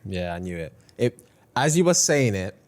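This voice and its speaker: A man's voice: fairly low pitch, sing-song, normal speed. A man, a podcast co-host reacting in casual chat with short murmurs and laughs. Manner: mostly short murmured backchannels, laughs along.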